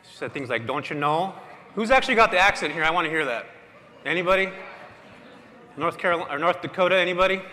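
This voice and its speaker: A man giving an energetic, casual motivational talk to a live audience in a large hall, often quizzing the crowd. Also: on the high side. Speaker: conference speaker. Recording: echoey hall with long reverb.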